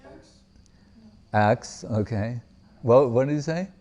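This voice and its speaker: Male spiritual teacher, mid-pitched voice, slow and deliberate. Lectures to a live audience and explains verses through rhetorical questions. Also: a little mellow. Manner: asks rhetorical questions and answers them; recites verses in Sanskrit and Bengali and explains them. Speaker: spiritual teacher giving a discourse.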